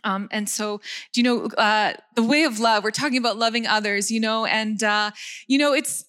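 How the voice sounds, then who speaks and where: A woman's voice: fairly high pitch, moderate pace. Woman in her 30s giving a laid-back sermon, lots of ums, laughs at herself, repeats words to hit them home. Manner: warm chatty delivery with frequent fillers and self-deprecating laughs; repeats key words for emphasis. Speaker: preacher. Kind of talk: casual sermon.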